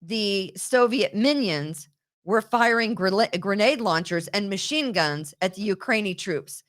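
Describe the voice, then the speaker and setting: A woman hosting a casual political talk show, animated and quick to laugh, often repeating words as she goes. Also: medium pitch.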